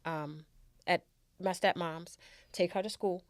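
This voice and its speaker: A woman's voice: fairly low pitch, fairly even intonation, slow, no room sound. A middle-aged woman, a show's guest, candidly telling her own life story in a heartfelt way.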